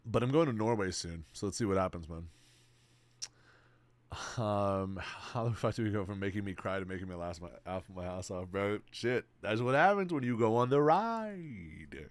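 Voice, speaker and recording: A man's voice: lowish voice, no room sound. A man in his twenties chatting casually on a live stream, swearing freely and giving laid-back advice to his chat while he plays. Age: 20s.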